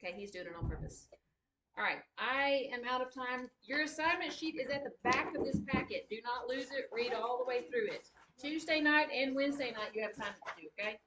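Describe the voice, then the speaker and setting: A woman teaches a writing class in a classroom, lively and brisk as she reads lines aloud and counts out the beats. She sounds far from the mic, with the room ringing around her and a faint hiss underneath. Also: high voice. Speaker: high school writing teacher. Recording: echoey classroom from a distant mic.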